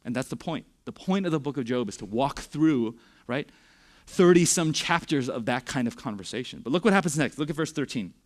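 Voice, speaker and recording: A man's voice: medium pitch, expressive, brisk. A young man preaching a youth sermon in a conversational way, with frequent "right?" check-ins and sarcastic asides. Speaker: youth pastor.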